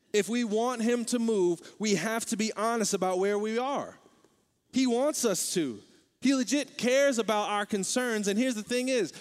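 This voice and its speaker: A young man preaching a sermon as pastor, talking in a candid, conversational way and growing animated. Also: high voice, big-room sound.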